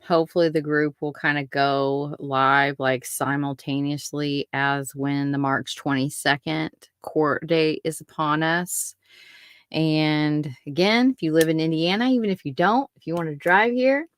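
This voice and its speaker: Low-voiced rambling woman podcaster. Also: smooth, no echo, clean studio sound. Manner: rambling, giggly, self-interrupting. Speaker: podcast host. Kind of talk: casual spoken update.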